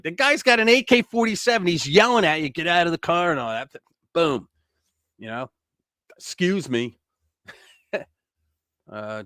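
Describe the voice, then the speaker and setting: A man hosting a casual news commentary show, reading stories aloud and breaking in with blunt, sarcastic remarks, swinging between loud outbursts and mumbled asides. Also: medium pitch, dry recording, clean studio sound. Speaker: political commentary host.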